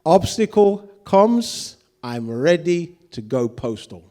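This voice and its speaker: A man's voice: a little high, very animated, takes it slowly, mellow. A man preaching a sermon, acting out quoted voices and putting questions to the congregation. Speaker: pastor.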